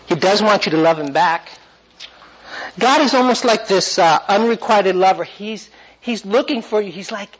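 A man's voice: high voice, normal speed, fairly bright tone, slightly rough, lo-fi sound. A man teaching a Bible class, asking the class questions and driving his points home with energy.

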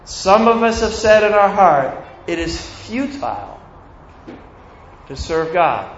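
A man with a high voice and an unhurried delivery preaches a sermon, slipping into animated voices for God and for grumbling believers. His voice rings in a roomy space, and the sound is a little dull. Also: slight background noise.

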